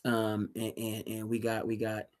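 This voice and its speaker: A man hosting a solo sports talk livestream, ranting emphatically with sudden loud bursts. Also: on the low side, monotone, measured pace. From New England. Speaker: sports commentary host.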